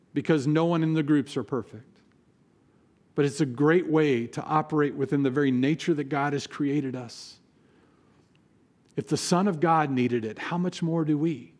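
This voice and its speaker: High-voiced pastor preaching. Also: male voice. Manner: animated storytelling, acts out biblical figures with rising energy. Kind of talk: sermon.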